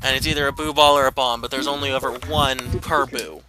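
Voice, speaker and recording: A man's voice: mid-range voice, steady tone, brisk, rough recording. Rambling young man streaming a game. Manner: rambling, self-deprecating, talks to viewers. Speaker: gameplay streamer. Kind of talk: casual let's-play commentary. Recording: game music loud behind voice. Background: game music.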